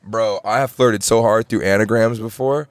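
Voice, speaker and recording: A man's voice: steady tone, normal speed, dry recording. A young man in his twenties, co-hosting a podcast in casual chat, telling stories and acting out what people said. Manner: storytelling, acts out quoted lines with jumps in pitch. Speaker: podcast co-host.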